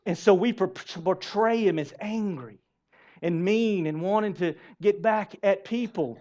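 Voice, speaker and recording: A male pastor preaching a sermon in a church, animated and asking the congregation rhetorical questions. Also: sits high, a little slow. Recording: dull lo-fi sermon recording.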